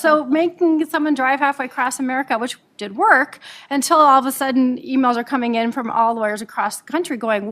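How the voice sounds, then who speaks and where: A woman from Nebraska, an immigration attorney, presenting a webinar quickly with frequent "um"s and repeated words. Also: fairly high pitch, fairly even intonation, a bit bright. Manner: fast-talking, with frequent fillers and repeated words. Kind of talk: professional presentation.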